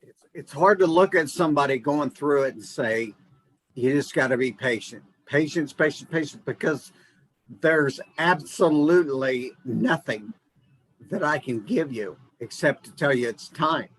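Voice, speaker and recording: A man's voice: fairly high pitch, unhurried, a bit bright, husky, poor audio. A man hosting an interview, talking in a conversational and encouraging way. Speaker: host. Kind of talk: casual interview.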